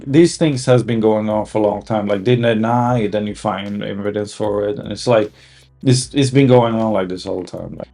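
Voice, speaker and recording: A man's voice: on the low side, mellow. A man giving a casual, heated opinion monologue, rambling with many restarts and fillers. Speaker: commentator.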